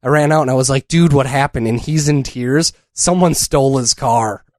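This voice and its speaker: In a clean studio recording with no room sound, a man with a mid-range, somewhat mellow voice talks at a normal pace. He co-hosts a podcast, wandering through a casual story and laughing along the way.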